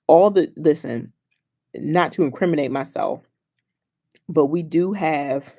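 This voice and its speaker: A woman's voice: deep voice, slow pace. A young woman school counselor, chatting casually with families, telling playful stories and laughing often. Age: young adult. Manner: animated storyteller, laughs often, playful slang. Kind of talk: casual livestream chat with families.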